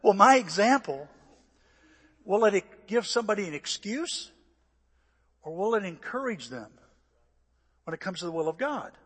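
An older man preaching a sermon, telling stories animatedly and acting out voices and shouts, sounding a little out of breath. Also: sits high, sing-song, moderate pace, pauses often, breathy edge. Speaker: pastor. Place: church. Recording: echoey church hall.

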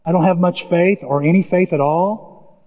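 An older man preaching a sermon as pastor, impassioned, with folksy asides and sudden shouts. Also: high-pitched, normal speed. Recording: dull distant sound with hall reverb.

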